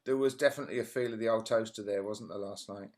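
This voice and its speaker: A man's voice: fairly low pitch, steady tone, quick pace, a little mellow. Chatty male interviewer. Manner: chatty, leading questions with tag endings. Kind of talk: casual interview.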